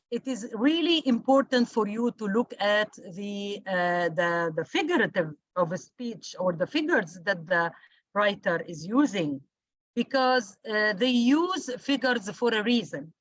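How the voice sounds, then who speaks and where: A woman's voice: medium pitch, dry recording, lo-fi sound. A woman teacher giving a class lecture, stressing and repeating key words, with many fillers.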